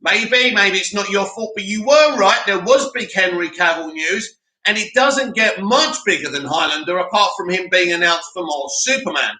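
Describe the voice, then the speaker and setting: A man with a high, very bright, forceful voice hosts a live stream, chatting animatedly and reading out viewer comments. His voice rings in an echoey room. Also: moderate pace. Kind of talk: casual live-stream chat. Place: home studio in Cyprus.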